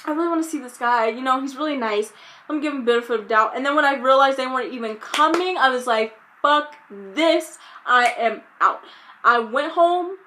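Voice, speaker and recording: A young woman tells a storytime vlog in a bright, high voice. She retells the events with animated exasperation and keeps quoting her own reactions. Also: fast talker, a little hiss or hum. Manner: animated, exasperated retelling with quoted self-talk. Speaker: vlogger.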